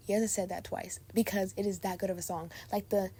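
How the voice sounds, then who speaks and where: Bubbly, gushing young woman with a mellow tone. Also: medium pitch, flat delivery, brisk, husky. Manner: bubbly, gushing, chatty with frequent "like" and "oh my God". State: sleepy and tired. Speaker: podcast host. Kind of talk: casual chat.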